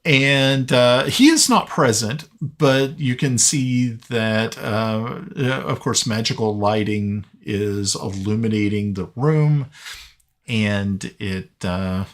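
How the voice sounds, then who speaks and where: A man narrating a tabletop game as dungeon master, halting often with fillers and restarts. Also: on the low side.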